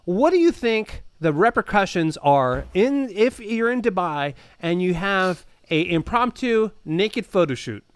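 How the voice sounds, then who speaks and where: Guy on a podcast mic, high lively voice, dry sound, laughs and trips over words a lot. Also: a little slow, hardly any pauses, clear, resonant tone, no echo. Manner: laughs often, stumbles and repeats words. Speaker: podcast co-host reading news stories. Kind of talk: casual podcast banter.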